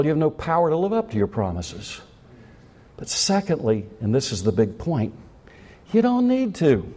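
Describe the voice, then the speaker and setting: Animated, joking male preacher. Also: medium pitch, breathy edge. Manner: jokey, acts out scenes in voices. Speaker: pastor. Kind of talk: sermon.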